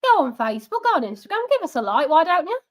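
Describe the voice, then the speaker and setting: Young woman, high voice, sarcastic live-stream football fan host. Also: very animated, fast. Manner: sarcastic, chatty, reads out viewer comments. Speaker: fan channel watch-along host. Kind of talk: live match watch-along chat.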